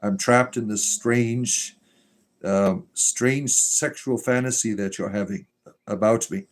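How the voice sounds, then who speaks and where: A man's voice: medium pitch, slow. A man hosting a casual livestream, reading chat messages aloud in a joking, irreverent way and laughing often.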